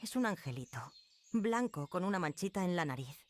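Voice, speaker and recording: Woman doing a worried young cartoon woman, polite pleading, lowish pitch, faint background noise. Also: expressive, fast talker, lightly acted. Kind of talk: cartoon voice acting.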